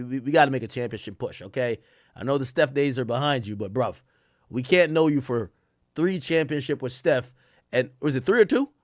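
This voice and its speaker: A young man streaming live, trash-talking basketball players in a loud, profane, excitable way, his voice jumping up and down. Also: no room sound, clean studio sound. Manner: loud, profane trash talk with sudden jumps in pitch and volume. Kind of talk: casual live-stream commentary reacting to chat and posts.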